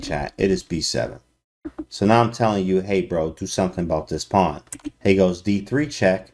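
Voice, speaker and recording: A deep-voiced man breaks down his chess game for his stream chat. He talks casually and full of slang, often jumping into loud, excited exclamations. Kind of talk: casual livestream commentary.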